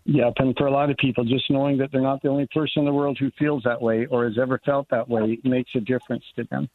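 A man's voice: medium pitch, little pitch movement, quick pace, dry recording. Older man on a tinny phone line. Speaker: congressman, guest. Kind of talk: radio interview by phone.

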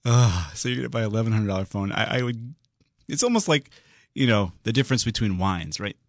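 A man hosting a call-in radio show about computers, chatty and quick to laugh. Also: no echo, studio quality. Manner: chatty, laughs often, lively pitch swings.

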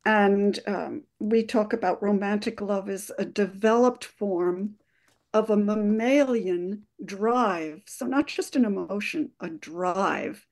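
Measured woman explaining brain science. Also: medium pitch, darkish tone. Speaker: neuroscience expert guest. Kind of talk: explaining on a radio interview.

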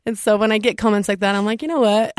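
Chatty woman, quick self-corrections. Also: mid-range voice, fairly even intonation, no echo, clean studio sound. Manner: fast, self-correcting, laughing often. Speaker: guest. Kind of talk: casual chat.

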